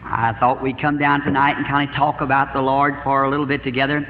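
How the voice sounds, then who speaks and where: A man with a Southern accent preaching, telling homespun stories in a chuckling, drawn-out way to a congregation. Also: mid-range voice, little pitch movement. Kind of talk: folksy storytelling sermon. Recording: dull lo-fi archival sermon tape, long hall reverb, faint hiss.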